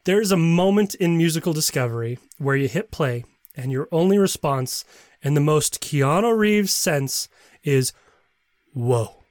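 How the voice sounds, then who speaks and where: A man's voice: on the high side, animated, normal speed, darkish tone, dry recording. A man co-hosting a music show, chatting casually and jokingly about songs and laughing often. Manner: playful, jokey, laughs often. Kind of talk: casual music review chat.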